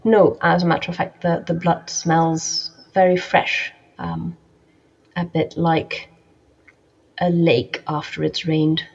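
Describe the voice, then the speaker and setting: Hesitant woman game master, husky lo-fi. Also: low-pitched, takes it slowly, darkish tone. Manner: hesitant, filler-heavy narration. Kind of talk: narrating a tabletop game.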